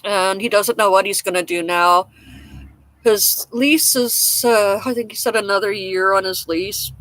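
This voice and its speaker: A woman's voice: medium pitch, steady tone, a little slow, fairly bright tone, dry recording. Rambling, self-mocking woman chatting outdoors. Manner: rambling, frank, self-mocking, chuckles often. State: coughing now and then. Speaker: livestream host chatting with viewers. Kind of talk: casual live-stream chat. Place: outdoors in a damp garden.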